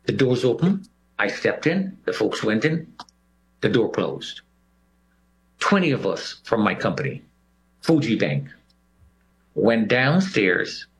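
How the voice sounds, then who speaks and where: In a personal recollection, a man with a fairly low voice tells his story slowly, with long pauses. He's an animated storyteller who acts out the voices of others.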